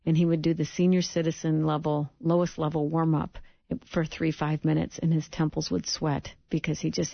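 A woman's voice: sits low, vocal fry, no room sound, dull audio. A middle-aged woman telling a personal faith testimony, vividly acting out the quotes. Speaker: speaker giving a testimony.

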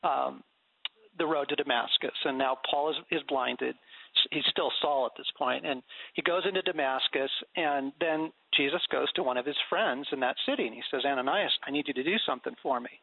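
A man's voice: on the high side, creaky, slightly rough, dry recording. A middle-aged man talking animatedly about prayer as an interview guest, telling stories and laughing often. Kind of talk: conversational faith interview. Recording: dry, phone-like radio sound.

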